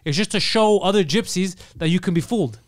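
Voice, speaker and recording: A man's voice: sits high, fairly quick, dry recording. A man co-hosting a casual comedy podcast, telling brash, profane stories and acting out both sides of them on a studio mic. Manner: brash storyteller, swears a lot, acts out both sides. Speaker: podcast co-host.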